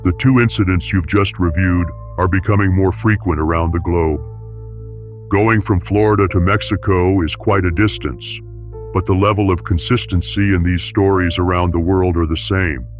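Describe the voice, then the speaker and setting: A man reading a scripted documentary narration in a measured, serious tone. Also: sits low, fairly even intonation. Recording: dull lo-fi voice-over with music.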